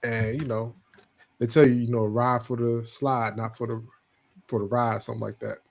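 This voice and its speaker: A man co-hosting a casual chat show, telling stories in a relaxed, slang-heavy way. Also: mid-range voice, moderate pace, gravelly. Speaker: co-host.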